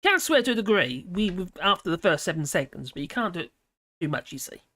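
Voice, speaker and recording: A woman's voice: fairly low pitch, big pitch swings, quick pace, a bit bright, no echo. A British woman hosting a live stream, talking casually and wandering off topic, mixing scripted commentary with chatty asides. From United Kingdom. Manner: digressive and chatty, laughs often, reads chat messages aloud. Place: room at home with a model airplane hanging behind.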